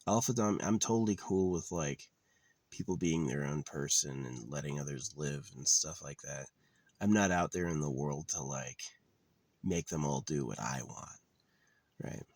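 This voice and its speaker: Super deep voiced guy rambling, swears a lot, dry wry delivery, no room sound. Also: a little slow, darkish tone, dry recording. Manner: profane, blunt, wry. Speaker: vlogger. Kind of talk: casual rambling monologue. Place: living out of his car.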